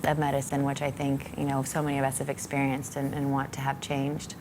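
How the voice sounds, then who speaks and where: A woman speaking thoughtfully in a documentary interview about her father's hospital care, measured and pausing often. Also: extremely low pitch, completely flat delivery, noisy background. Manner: measured, with many ums and pauses. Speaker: daughter of a former patient.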